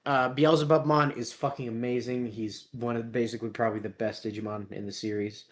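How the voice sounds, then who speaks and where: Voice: mid-range voice, steady tone, brisk. A podcast co-host in casual chat, swearing constantly, rambling and often breaking into laughter.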